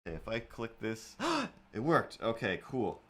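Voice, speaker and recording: A man with a fairly low, bright, expressive voice hosts a live drawing stream at a measured pace. He rambles casually with viewers while he works, mumbling playful asides to himself.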